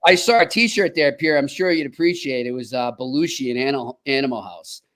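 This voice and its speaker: A man co-hosting a hockey podcast, chatting casually and reading sponsor ads in an upbeat, quick manner. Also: mid-range voice, fairly bright tone. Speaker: podcast co-host.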